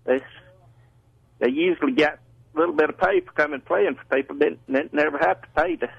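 Man, radio caller, higher voice, gravelly, plainspoken, rambling, dull phone audio. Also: fairly quick, dry recording. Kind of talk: casual phone storytelling. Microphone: telephone. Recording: phone line call-in.

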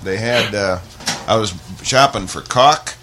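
A man's voice: on the low side, measured pace, very noisy. A man in his forties telling a rambling, self-mocking comic story. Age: 40s. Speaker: comedian. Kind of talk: stand-up comedy bit in conversation.

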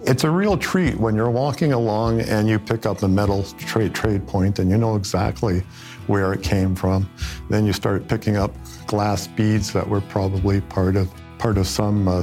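Lowish guy, relaxed, chatting about finds in an interview. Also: moderate pace, soft background music. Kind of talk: interview reflection.

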